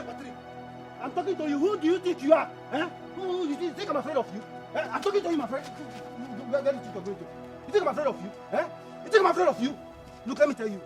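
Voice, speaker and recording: A Nigerian man playing a furious younger brother who shouts, repeats himself and stammers in a family feud. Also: very high voice. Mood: angry. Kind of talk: Nollywood film acting.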